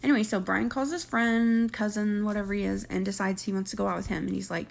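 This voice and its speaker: A woman's voice: mid-range voice, steady tone, fast talker, creaky, few pauses. A woman, casually recapping a reality show, chatty and sarcastic, acting out what people said. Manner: chatty, sarcastic, acts out quotes.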